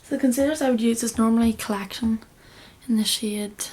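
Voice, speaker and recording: A woman's voice: a little high, steady tone, brisk, a little mellow, husky. Chatty young woman, often half-whispering. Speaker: beauty vlogger. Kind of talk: casual makeup tutorial.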